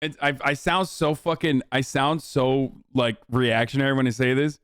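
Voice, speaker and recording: A man's voice: mid-range voice, steady tone, normal speed, fairly bright tone, clean tone, no room sound, clean studio sound. A male streamer giving casual, profane, rambling commentary on clips and talking to his chat.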